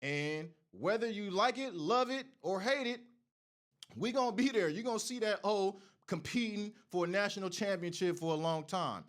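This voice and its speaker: A man's voice: high-pitched, normal speed, a bit bright. A man hosting a sports show, delivering a heated, profane college football rant that trash-talks rival fans. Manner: Oregon fan taunting rival fans.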